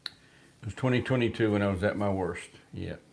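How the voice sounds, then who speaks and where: A man's voice: fairly low pitch, moderate pace, vocal fry, a little mellow, slight background noise. A man, chatting on a livestream and telling folksy, joking stories. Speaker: livestream co-host. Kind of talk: casual chat.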